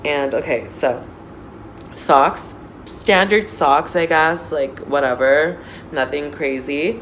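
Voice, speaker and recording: A woman in her thirties chatting casually through an unboxing, gushing and excitable, with lots of fillers, recorded on a phone. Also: very deep voice, measured pace, a little hiss or hum, poor audio. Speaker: doll unboxing vlogger. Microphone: phone camera.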